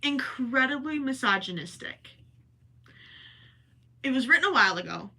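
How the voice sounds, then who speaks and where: Young woman crocheting on a livestream, super bright voice, rambly casual chat, keeps correcting herself. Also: sits high, expressive, moderate pace, breathy edge. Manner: chatty and rambling, self-correcting, talks while working.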